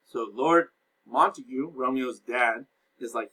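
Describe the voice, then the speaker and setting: Male teacher, bright, slightly high voice, casual lecture recap, paraphrasing scenes for students. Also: lively intonation, moderate pace, low-quality recording. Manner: casual explaining, reads and paraphrases lines.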